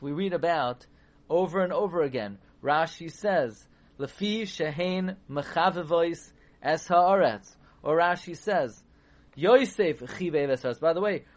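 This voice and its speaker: Guy teaching torah, kinda high voice, keeps firing rhetorical questions, gets worked up. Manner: rhetorical questions, grows emphatic and animated. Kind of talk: Torah lecture on the weekly portion.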